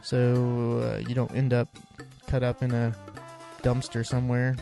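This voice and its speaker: A man's voice: medium pitch, completely flat delivery, unhurried, creaky, over music. A man hosting a casual recap chat, rambling and joking with many fillers and restarts. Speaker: podcast host.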